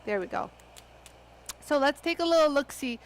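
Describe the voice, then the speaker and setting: A woman with a high, lively voice hosts a live hands-on craft demo. She chats eagerly with her viewers and gushes as she goes. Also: moderate pace, slight background noise, low-quality recording. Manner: chatty, excitable, talks straight to viewers. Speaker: host of a live lapidary demo. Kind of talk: live product demonstration.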